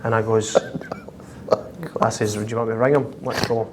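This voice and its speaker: A man's voice: on the low side, noisy background. Chuckling Glaswegian man telling stories. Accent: Scottish (Glasgow). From Scotland. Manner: lively, chuckling, acts out others' lines in quick quoted voices. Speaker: professional footballer, guest. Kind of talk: anecdotal storytelling in an interview. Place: office high in a city tower.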